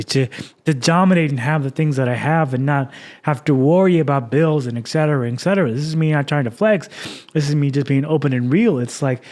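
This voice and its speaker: A young man talks through his own life on his podcast, candid and rambling, full of fillers and false starts. His voice sits at an ordinary middle pitch for a man. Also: darkish tone. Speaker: podcast host. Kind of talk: reflective personal podcast monologue.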